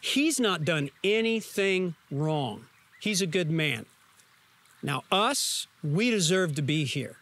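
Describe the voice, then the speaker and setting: Repentant criminal man on a cross, preacher doing him, earnest, pleading, higher voice. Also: expressive, takes it slowly, a bit bright, full character voice.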